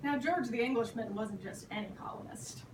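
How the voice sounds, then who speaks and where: A woman performing a playful, animated children's story on a theater stage. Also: a little high, a little fast, noisy background. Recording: echoey hall from far off.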